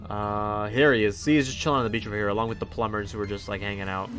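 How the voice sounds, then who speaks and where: A man's voice: fairly low pitch, fairly even intonation, very fast, few pauses, fairly bright tone. Rambling man commenting on his game. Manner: rambling, lots of fillers and restarts, hums along. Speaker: let's play host. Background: faint game music.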